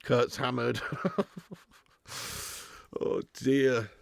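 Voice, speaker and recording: A man hosting a live football watch-along, chatting casually, reading out viewer messages, and swearing loudly when his team concedes. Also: medium pitch, extremely slow, vocal fry, no echo, studio quality. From England. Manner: excitable, swearing, chatty and laddish.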